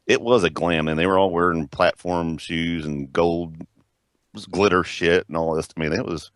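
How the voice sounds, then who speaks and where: Deep-voiced man rambling about rock. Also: fairly even intonation, moderate pace, dry recording, clean studio sound. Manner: rambling, many restarts and self-corrections. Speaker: podcast co-host. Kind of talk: casual rock chat.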